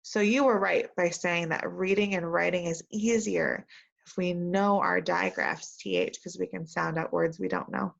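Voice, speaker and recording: A woman teacher giving an early reading lesson to young children, reading sentences slowly and modelling how to sound out words. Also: lowish voice, expressive, creaky. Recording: dull lo-fi recording.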